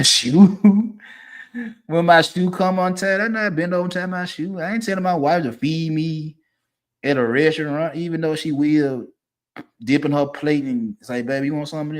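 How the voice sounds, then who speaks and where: A man, ranting casually and profanely, swinging from low mutters to loud, emphatic bursts. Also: normal speed. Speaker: streamer giving opinions.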